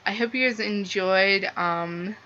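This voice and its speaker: A woman's voice: mid-range voice, slow, bright, forceful tone. A young woman casually reviewing a book, rambling and gushing with lots of "like". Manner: gushing, rambling, heavy use of "like". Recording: slightly dull lo-fi sound with faint noise.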